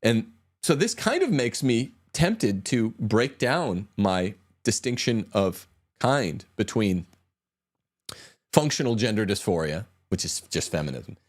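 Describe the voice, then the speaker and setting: A man with a fairly low voice hosts a podcast in an opinionated, combative manner. He presses his points emphatically and drifts into sweeping asides. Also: sing-song, slow pace. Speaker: podcast host.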